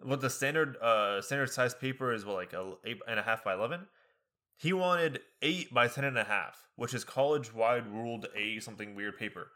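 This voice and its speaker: Animated young man with a bright voice. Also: medium pitch, a little fast. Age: young adult. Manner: animated, acts out the people he quotes. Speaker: podcast co-host. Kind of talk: casual storytelling chat.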